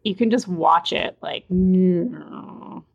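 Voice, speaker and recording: A woman's voice: lowish voice, very slow, vocal fry, slightly rough, dull audio. A woman co-hosting a casual chat about a reality show, chatty and full of "like"s. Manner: chatty, many "like"s, laughs easily. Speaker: podcast co-host.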